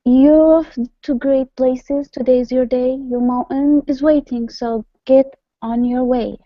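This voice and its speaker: High-voiced woman learner reading carefully. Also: fairly even intonation, takes it slowly, no room sound, muffled recording. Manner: careful, hesitant reading aloud. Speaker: language student.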